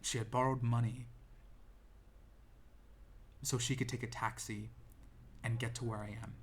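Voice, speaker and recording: A man's voice: medium pitch, level tone, a little slow, a little hiss or hum. A young man telling a personal story to camera in a rambling, self-deprecating way, full of restarts and ums, seated indoors. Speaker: vlogger. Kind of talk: casual storytelling monologue.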